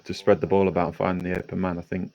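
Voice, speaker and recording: Deep gravelly dude doing color commentary, laid back, muffled sound. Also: male voice, flat delivery, fast, a little mellow. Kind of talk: casual game commentary. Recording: dull lo-fi audio.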